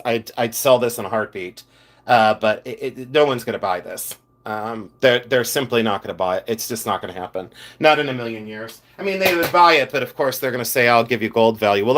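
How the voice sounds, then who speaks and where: A man's voice: medium pitch, a bit bright. Middle-aged male reseller, mid-range voice, frank and fed-up, filler-heavy casual livestream talk. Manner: blunt and exasperated, with frequent "uh" fillers. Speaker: vintage jewelry reseller hosting a livestream.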